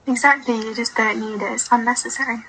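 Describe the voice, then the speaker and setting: A woman's voice: a little high, steady tone, fast, sharp tone, a little hiss or hum, low-quality recording. A young woman, a student, chatting politely with a host on a phone video call. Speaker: fan on a live video call. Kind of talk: casual chat.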